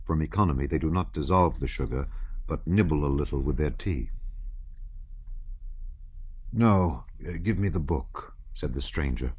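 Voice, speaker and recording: Male narrator, very deep voice, measured audiobook reading, dull muffled sound. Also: darkish tone, breathy edge, dry recording.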